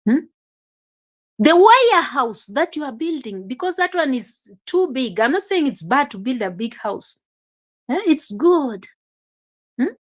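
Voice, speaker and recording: High, lively woman scolding. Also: a little slow, pauses often. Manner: exclamatory, scolding, chuckling often. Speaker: reaction vlogger. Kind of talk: casual reaction commentary.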